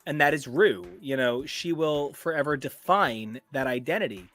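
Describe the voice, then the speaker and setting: A man co-hosting a podcast in casual chat, animated and gushing, jumping up to high notes when excited. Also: moderate pace, dry recording, soft background music. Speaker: podcast co-host.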